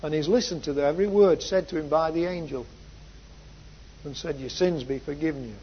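A man preaching a sermon, moving from soft reflective passages to loud, emphatic repeated phrases. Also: a little high, fairly quick, breathy edge. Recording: dull lo-fi sound.

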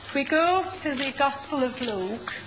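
A woman teaches a Bible study class, slowly and patiently explaining and calling on people to read. Her voice sits high and is expressive, with a noisy background behind her.

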